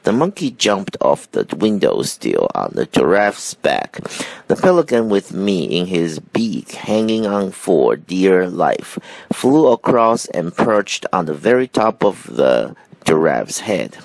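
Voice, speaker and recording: A man reading a children's storybook aloud, slow and expressive. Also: low-pitched, vocal fry, no echo. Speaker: reader.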